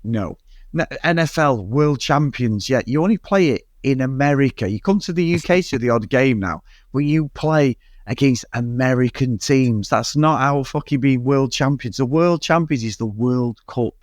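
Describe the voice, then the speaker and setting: A man's voice: medium pitch, lively intonation, moderate pace, dry recording, studio quality. A man with a Mancunian accent co-hosting a casual podcast chat, ranting and swearing freely as he goes off on tangents. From Manchester area, England. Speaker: podcast co-host.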